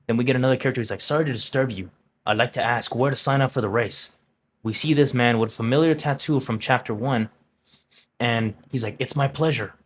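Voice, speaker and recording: A man giving a loose, casual recap of a manga chapter, often clearing his throat as he goes. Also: mid-range voice. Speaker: manga reviewer.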